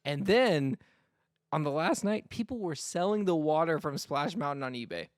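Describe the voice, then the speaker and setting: A man's voice: on the high side, expressive, normal speed, no room sound, clean studio sound. A man from North Florida co-hosting a podcast, talking in a rambling casual way full of fillers. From North Florida, US South. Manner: rambling, many fillers and restarts. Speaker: podcast co-host. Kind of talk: casual chat.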